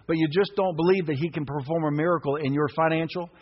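Man around fifty, pastor, passionate sermon, slightly high voice, muffled lo-fi recording. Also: steady tone, quick pace, husky. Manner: impassioned preaching, bursts of shouting. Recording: echoey hall, dull lo-fi sound.

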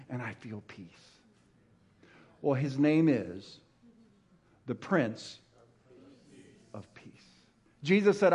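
A middle-aged male pastor preaching a sermon, swinging from soft hushed words to loud emphatic ones. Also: a little high, husky.

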